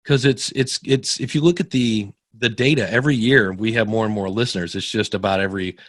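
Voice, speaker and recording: Lively storytelling man, very dry sound. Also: fairly low pitch, fairly quick, dry recording. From Ohio, USA. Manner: animated, acts out quoted dialogue, many restarts. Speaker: podcast consultant guest. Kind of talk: casual interview storytelling.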